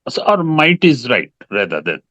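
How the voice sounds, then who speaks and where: A man's voice: medium pitch, sing-song, moderate pace, bright, forceful tone, no echo, rough recording. A man asking a question in an online lecture, very polite and repeatedly deferential, over a video call. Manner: very polite, repeatedly saying sir. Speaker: audience member asking a question.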